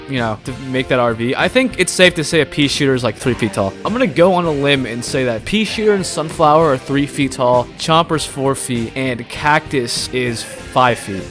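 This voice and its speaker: A man's voice: medium pitch, a bit bright. A young man hosting a joking video essay, rambling and swearing casually. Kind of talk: casual commentary.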